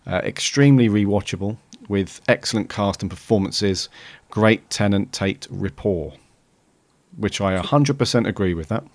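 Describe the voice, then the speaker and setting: Man, podcast co-host, low voice, short easygoing replies, dry close recording. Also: normal speed, dry recording. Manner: brief, agreeable replies. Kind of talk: casual chat.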